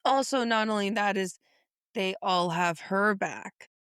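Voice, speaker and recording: A woman's voice: medium pitch, a little slow, fairly bright tone, smooth, no echo, clean studio sound. A woman co-hosting a casual book podcast, reflecting thoughtfully and chiming in with short agreements. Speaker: podcast co-host.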